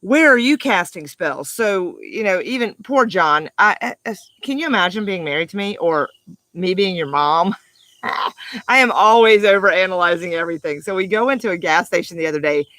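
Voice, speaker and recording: Bright-voiced upbeat woman life coach. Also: fairly low pitch, moderate pace, dry recording. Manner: upbeat, animated, emphatic with laughs. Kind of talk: motivational talk to camera.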